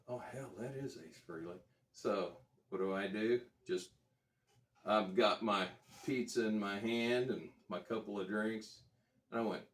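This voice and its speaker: A man who buys and trades guitars, telling a long anecdote in a casual, rambling way, correcting himself as he goes. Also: on the low side. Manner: rambling, self-correcting, chuckles as he tells it. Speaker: guitar dealer vlogger. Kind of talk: casual storytelling to camera. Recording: roomy, distant from the mic.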